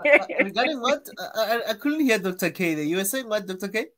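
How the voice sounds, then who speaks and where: South African man, measured talk. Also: high-pitched, lively intonation, a bit bright. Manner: measured, explains at length with many fillers. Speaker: podcast host. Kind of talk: casual panel chat.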